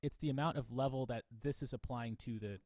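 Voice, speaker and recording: Man, professor type, mellow dark tone, halting and exploratory delivery, dry close recording. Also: mid-range voice, no echo. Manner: thinking aloud, halting restarts, repeated mic tests. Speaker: music professor. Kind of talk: live lecture demonstration.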